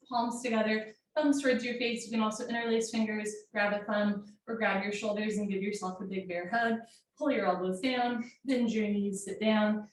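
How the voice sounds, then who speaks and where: Woman giving yoga cues in an echoey room. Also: mid-range voice. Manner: steady, directive short commands. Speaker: yoga instructor. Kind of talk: live guided yoga class cues. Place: home room. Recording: very echoey room, mic far off, faint noise.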